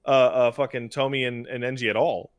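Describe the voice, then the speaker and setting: A man's voice: medium pitch, steady tone, a little fast. A man co-hosting a gaming podcast, joking and teasing in casual banter. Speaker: podcast co-host.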